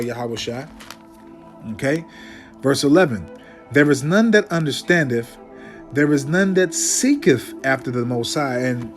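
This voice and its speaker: A man's voice: mid-range voice, darkish tone. Emphatic preaching man. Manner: emphatic, preachy, peppers talk with "man" and "okay?"; reads Bible verses aloud in a slower, declaiming voice. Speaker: Bible teacher. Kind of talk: informal scripture teaching.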